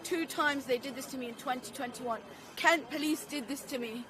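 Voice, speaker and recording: Slow, halting woman giving testimony outdoors. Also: sits high. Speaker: survivor speaking at a protest. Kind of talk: personal testimony at a rally. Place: outdoors on a city street at a protest. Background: crowd noise.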